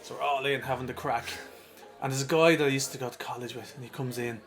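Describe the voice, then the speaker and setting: A man's voice: mid-range voice, fairly even intonation, fast talker, fairly bright tone, soft background music. A young Irish man co-hosting a podcast, telling rambling, sweary anecdotes and laughing through them. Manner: rambling storyteller, laughs through his stories. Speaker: podcast co-host. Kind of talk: casual chat, swearing anecdotes.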